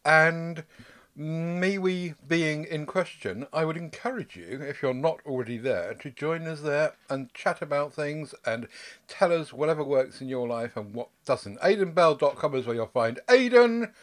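A man's voice: fairly high pitch, expressive, unhurried. A man hosting a podcast in casual chat, rambling and self-mocking. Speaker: podcast host.

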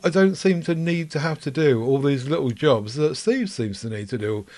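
A man's voice: on the high side, animated, darkish tone. A man from North Wales co-hosting a podcast, chatting easily with frequent restarts as he reads listener messages. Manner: easygoing, halting restarts. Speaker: podcast co-host. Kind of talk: casual chat reading listener mail.

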